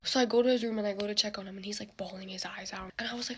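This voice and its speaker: Young woman, high voice, animated casual storytime chat, frequent laughter, lots of filler words, faint hiss. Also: fast.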